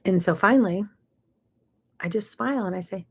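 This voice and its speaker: A woman's voice: medium pitch, fairly quick, slightly rough. A middle-aged woman, hosting a chatty, folksy morning talk show. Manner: chatty, folksy, says y'all. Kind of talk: casual chat.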